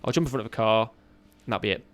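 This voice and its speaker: A man in his thirties, a podcast guest, telling a raw personal story in an earnest, halting way. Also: fairly low pitch.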